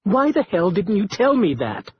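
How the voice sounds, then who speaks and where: A man's voice: high-pitched, huge pitch swings, moderate pace, muffled recording, a little hiss or hum, voice pushed up. A man voicing a rattled, tense male librarian who snaps his words out under stress. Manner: tense, snappish. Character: jittery, rattled middle-aged male librarian.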